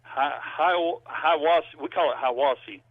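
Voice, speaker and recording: On a thin, tinny landline, a middle-aged Georgia musician gives a casual phone interview as a folksy, rambling storyteller. He talks at normal speed with a medium pitch, and the recording is dry.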